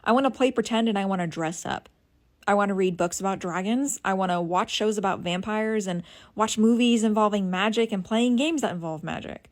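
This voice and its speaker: A woman's voice: mid-range voice, fairly quick. A woman giving a defiant, emphatic monologue to camera.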